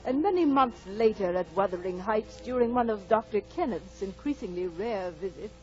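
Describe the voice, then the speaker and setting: An actress narrating a 1940s radio drama as a calm housekeeper, measured and steady. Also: female voice, medium pitch, natural voice. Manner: measured storytelling. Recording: dull radio broadcast under faint music.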